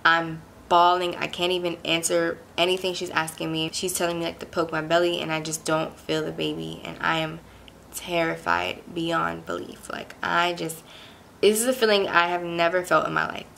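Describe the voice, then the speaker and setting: A woman's voice: on the low side, level tone, normal speed, vocal fry, a bit bright, slight background noise. A young woman from Pittsburgh telling a personal story in a casual, chatty way, full of "like" fillers and emphatic retelling. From Pittsburgh, USA. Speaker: vlogger.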